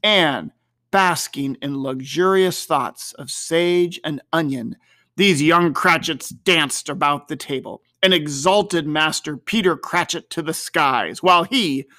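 A reader giving slow, measured, expressive audiobook narration of a classic novel. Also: mid-range voice, no room sound, clean studio sound.

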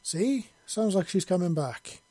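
A man voicing a calm, confident doctor with a gravelly voice in a storybook reading. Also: high voice, unhurried, no room sound, pitched above the performer's own voice. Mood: relieved. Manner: soothing, playful.

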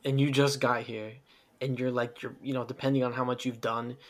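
A man's voice: mid-range voice, little pitch movement, fairly quick. A man hosting a casual chat about a video game, telling it as a rambling story with frequent laughs.

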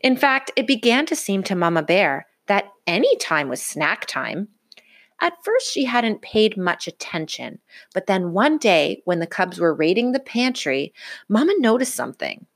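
A woman reading a picture book aloud to a child in an expressive, sing-song way. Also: mid-range voice, a little slow. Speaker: storybook reader.

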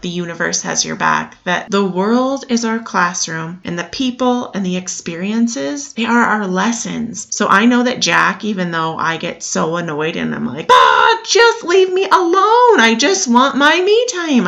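Chatty woman with a gravelly voice. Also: on the low side, a bit bright, muffled recording. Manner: chatty and rambling, with frequent asides to listeners. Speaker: yoga teacher. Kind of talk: casual spoken talk to listeners.

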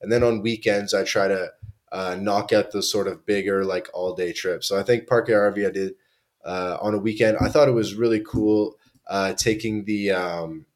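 Speaking at a normal speed in a fairly low, steady voice, a young man from Canada shares travel stories as a podcast guest. He's laid-back and slangy, with plenty of restarts, keeping it a casual chat.

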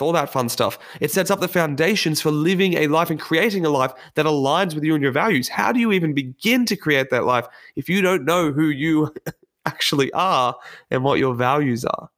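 A man's voice: on the high side, expressive, moderate pace, a bit bright. Earnest man giving a motivational talk. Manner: earnest, candid and reflective. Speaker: personal development speaker. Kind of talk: motivational monologue.

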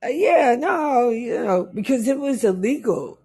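Slow, breathy middle-aged woman telling stories. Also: a little high. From West Indies. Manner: animated, acts out the people in her stories. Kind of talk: casual storytelling chat.

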